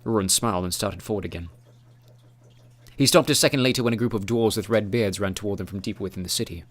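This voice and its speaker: Lowish male voice reading a fantasy audiobook, steady and even. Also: fast. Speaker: audiobook narrator. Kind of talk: scripted fantasy narration.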